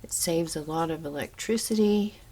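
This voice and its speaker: Chatting homey and easy in her home kitchen, a middle-aged home cooking vlogger guides viewers step by step through a simple recipe with her mouth full. She speaks at a moderate pace in a deep, mellow, slightly rough voice.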